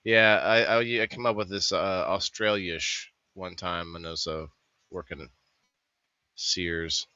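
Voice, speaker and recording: Low-voiced, jokey male show host. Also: flat delivery, unhurried, sharp tone, smooth, no room sound, highs cut off. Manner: jokey, rambling, puts on silly accents. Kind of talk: casual chat reading news.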